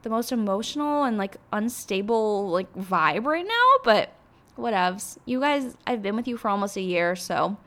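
A young woman talks alone on her podcast in an easy, unscripted monologue. She rambles and gets emotional, leaning constantly on casual fillers. Her voice sits at an ordinary middle pitch for a woman. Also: sing-song, normal speed, fairly bright tone. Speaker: podcast host.

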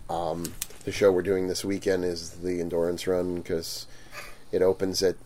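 A man's voice: sits low, monotone, moderate pace, a little mellow, slight background noise. A man casually telling a story about a rude customer at his convention booth, acting out the quotes, swearing and laughing often.

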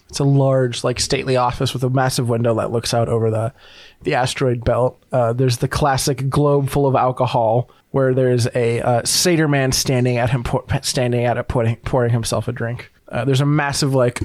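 A man's voice: mid-range voice, little pitch movement, normal speed, darkish tone, no echo. A young man narrating as game master, casual and rambling with many fillers.

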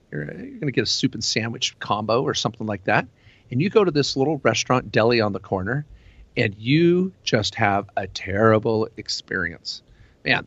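Rambling, animated talk-radio host. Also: male voice, medium pitch, dry recording, lo-fi sound. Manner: animated, rambling with fillers and restarts. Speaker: co-host of a tax and legal radio show.

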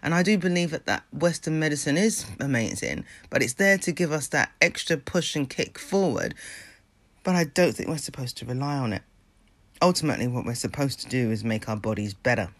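An earnest man delivers a motivational talk, pressing his points with repetition and frequent check-ins. His voice sits at an ordinary middle pitch, and the sound is close and dry with no room echo. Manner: earnest, emphatic, repeats phrases, checks in with "okay?".

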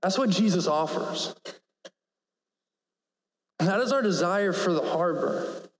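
High-voiced preacher man in an echoey hall. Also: expressive, a little slow. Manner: casual and earnest, piles up clauses with "and" and "like". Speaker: pastor. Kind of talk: sermon. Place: church hall. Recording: echoey hall with long reverb.

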